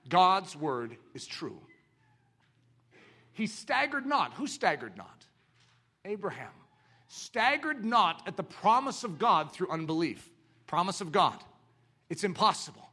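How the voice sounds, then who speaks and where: Animated bright-voiced male preacher. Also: high-pitched, takes it slowly, pauses often. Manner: animated, acts out quoted voices, rhetorical questions. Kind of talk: sermon.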